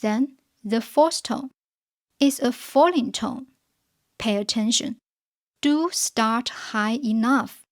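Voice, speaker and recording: A woman teaching a scripted beginner pinyin lesson, speaking in a slow, careful way for learners to follow and repeat. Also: fairly high pitch. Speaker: Chinese teacher.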